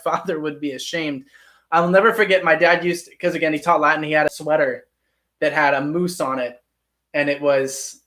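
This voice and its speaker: A man's voice: fairly high pitch, a bit bright. A man, a professional actor, chatting casually on a livestream, answering viewers and poking fun at himself. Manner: chatty, self-deprecating, reads and answers chat. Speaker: actor and streamer.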